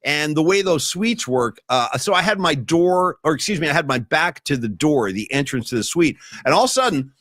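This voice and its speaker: An emphatic male podcast host who tells stories with real animation and leans hard on his points. His voice sits a little high for a man, and the sound is dry and close-miked. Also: lively intonation, a little fast, hardly any pauses, fairly bright tone, no room sound. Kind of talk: casual podcast chat.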